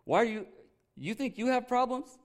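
A man's voice: very high-pitched, animated, normal speed, voice pushed up. A man voicing the apostle Peter as an exasperated, self-mocking storyteller in a sermon. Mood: rueful.

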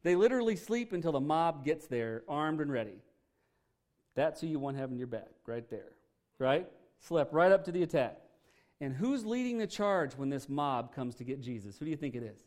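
A male pastor delivers a sermon with a voice pitched a little above the usual for a man. He preaches emphatically and in a folksy way, leaning on rhetorical questions to rouse his listeners. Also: expressive, fairly quick, darkish tone.

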